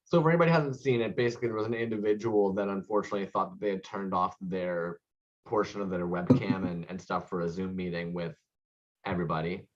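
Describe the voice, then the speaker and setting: A man's voice: deep voice, fast. Co-host, casual man, rambling storyteller, muffled lo-fi video-call audio. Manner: rambling, animated storytelling with lots of "like". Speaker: podcast co-host.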